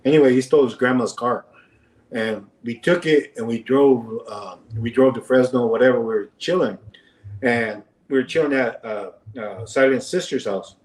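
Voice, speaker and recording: A man's voice: moderate pace, darkish tone. Guy rambling thru old stories, lots of uhs, sounds kinda far from the mic in a roomy space. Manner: rambling, full of fillers, acts out quoted lines in a higher voice. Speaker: podcast guest. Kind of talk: casual storytelling.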